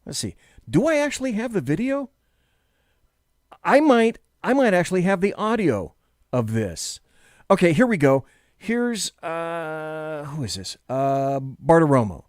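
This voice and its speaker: A man's voice: on the high side, measured pace, no room sound, clean studio sound. A man hosting a talk radio show, giving sarcastic, opinionated commentary between audio clips. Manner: sarcastic, lively, mocking.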